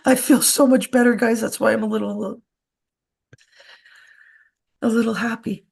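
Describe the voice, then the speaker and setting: A woman's voice: on the high side, steady tone, moderate pace, vocal fry, darkish tone, slightly rough. A woman co-hosting a casual conspiracy talk show, chatty and laughing often as she jumps between topics. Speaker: podcast co-host.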